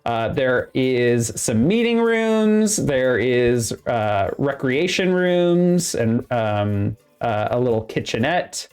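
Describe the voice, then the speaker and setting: A game master narrating a tabletop game, halting often with fillers and restarts. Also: medium pitch, lively intonation, darkish tone, clear, resonant tone.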